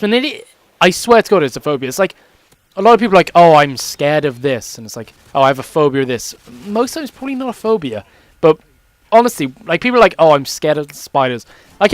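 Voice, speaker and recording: A man's voice: sits high, no echo. A young man rambling casually and swearing freely as he commentates over his gameplay. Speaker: gaming commentator.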